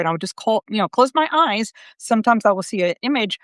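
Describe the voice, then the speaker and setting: A middle-aged woman hosting a show as a psychic medium, chatting casually and telling lively stories in which she acts out the lines of the people in them. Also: a little high, fast, dry recording. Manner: lively storyteller, acts out quotes with laughter. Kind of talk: casual conversational chat.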